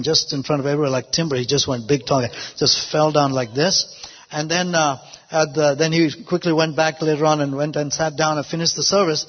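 A male preacher tells a story from his ministry, peppering it with praise and hallelujahs. His voice sits high and husky. The recording is dull and lo-fi, with a long reverb trailing each phrase. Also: steady tone, moderate pace. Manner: storytelling, frequent "praise God" and "hallelujah" interjections. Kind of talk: sermon with personal testimony.

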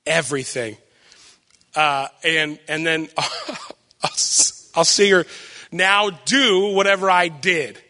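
A young man giving a sermon with personal stories, loud and animated, self-deprecating and acting out what people say. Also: on the high side, slow pace, pauses often, in a large hall. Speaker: preacher.

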